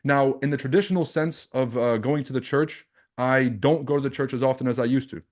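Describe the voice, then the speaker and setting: A man's voice: mid-range voice, a little fast. A man from Lebanon hosting a livestream as a trading coach, talking bluntly and animatedly to viewers, with swearing and rhetorical questions.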